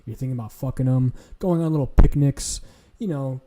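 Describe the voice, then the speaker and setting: A man's voice: mid-range voice, fairly quick, dark tone. A man streaming, ranting casually in a profane, blunt, lecturing way.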